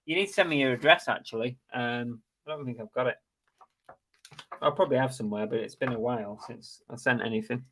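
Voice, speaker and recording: A man's voice: medium pitch, fairly quick, fairly bright tone. Chatty man hosting a live stream. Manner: chatty, plugs links and giveaways. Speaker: live show host. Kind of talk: casual live-stream chat.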